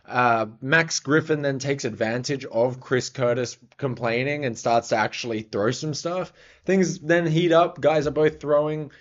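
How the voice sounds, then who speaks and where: A man's voice: medium pitch, fairly even intonation, measured pace. Profane casual man recapping fights. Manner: blunt, profane, rambling with many fillers. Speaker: MMA fight recap host. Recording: slightly dull lo-fi audio.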